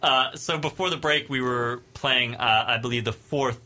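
A man's voice: mid-range voice, moderate pace, pushed and bright. A man hosting a comedy radio show, bantering playfully and often laughing. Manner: playful, giggly, prone to sudden screams. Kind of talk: casual banter.

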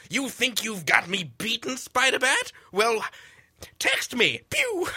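A man voicing a cheesy male Valentine's Day supervillain who fires a ray gun with squeaky sound effects, in a hammy, gleeful way. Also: wildly swooping pitch, slow, pushed and bright, husky, heavily acted. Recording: dry college radio studio.

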